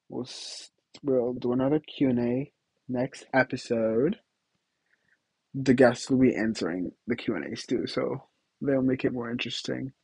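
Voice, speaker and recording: A man's voice: medium pitch, mellow, breathy edge, dry recording, rough recording. A young man hosting a podcast, chatting casually and giggling through rambling stories with lots of fillers. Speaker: podcast host. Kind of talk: casual solo podcast chat.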